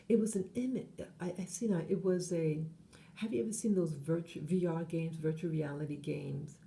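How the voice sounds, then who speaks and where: Woman, channel host, rambling monologue, very dark mellow tone, low pitch. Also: vocal fry, a little hiss or hum. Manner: meandering, with frequent self-corrections and fillers.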